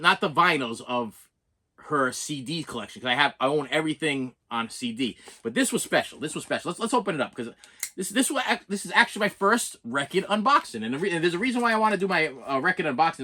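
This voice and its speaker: A man's voice: medium pitch, bright, forceful tone. A man with a Boston accent chatting casually through an unboxing, rambling and self-deprecating, with frequent restarts. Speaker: collector vlogger.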